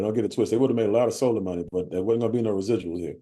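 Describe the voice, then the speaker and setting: Man, lowish mellow voice, plainspoken motivational sales speaker with a streetwise edge and frequent restarts. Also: fairly even intonation, racing. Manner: blunt, streetwise, repetitive with stumbles and "right?" tags. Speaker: sales team leader speaking at a bootcamp. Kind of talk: motivational talk to a live group.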